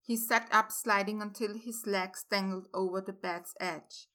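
Woman reading a story out loud, really slow and steady, bright voice. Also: mid-range voice. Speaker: narrator. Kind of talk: reading fan fiction aloud.

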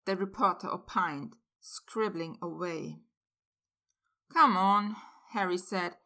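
A woman reads fan fiction aloud with a bright, clear tone and a steady, measured delivery. Her pitch sits in an ordinary middle range, and she keeps the narration even between characters' lines.

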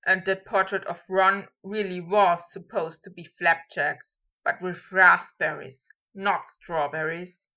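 A woman's voice: lowish voice, fairly even intonation, takes it slowly, hardly any pauses, sharp tone, heavily acted. A woman voicing a young male wizard painter who talks in a dry, teasing, self-mocking way, on a dull lo-fi recording.

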